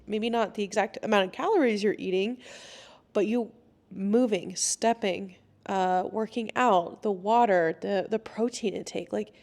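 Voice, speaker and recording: A young adult woman hosting a casual solo podcast, chatty and laughing often, sometimes acting out quoted lines in a higher voice. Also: measured pace, darkish tone. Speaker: podcast host.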